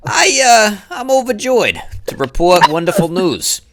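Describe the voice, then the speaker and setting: A man's voice: high voice, sing-song, takes it slowly, a bit bright, pitched above the performer's own voice, heavily acted. A man voicing a fawning female head researcher in a dramatic reading of a game file, gushing and laughing as he goes. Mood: adoring.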